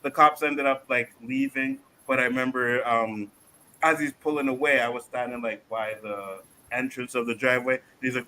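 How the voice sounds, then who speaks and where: A man from Canada hosting a casual panel podcast, telling stories in a lively, profane way and acting out the quotes. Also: mid-range voice, brisk, a little hiss or hum, rough recording. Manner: animated storytelling, profane, acts out quotes. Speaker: podcast host.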